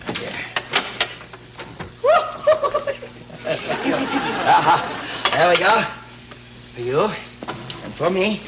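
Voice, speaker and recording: A man's voice: sits high, huge pitch swings, drawn-out words, long pauses, roomy sound, over a noisy crowd. A man playing a mock-formal agent in a 1960s TV comedy sketch, bantering with the host. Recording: noisy old TV broadcast with loud audience. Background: loud studio audience laughter.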